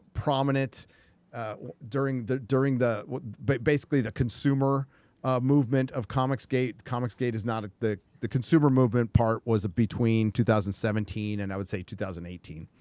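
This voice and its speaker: A man's voice: mid-range voice, moderate pace, darkish tone, no echo. A man hosting a casual livestream talk show, emphatic and profane, with rambling asides. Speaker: show host.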